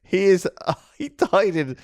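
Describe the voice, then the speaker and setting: A man's voice: high voice, big pitch swings, a little slow, a little mellow, dry recording, studio quality. A man chatting casually as a podcast co-host, incredulous and swearing freely.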